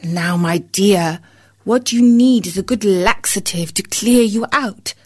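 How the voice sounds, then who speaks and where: A woman's voice: mid-range voice, darkish tone, husky, dry recording, clean studio sound. A woman doing a fussy scolding hen. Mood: soothing. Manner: scolding, brisk. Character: fussy practical female hen wife.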